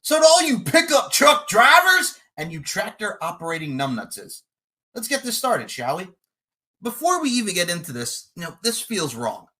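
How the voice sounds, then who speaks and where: A man's voice: sits high, wildly swooping pitch, moderate pace, bright, forceful tone. A man with a brash, boastful manner, cutting a profane, taunting wrestling trash-talk promo as a podcast personality.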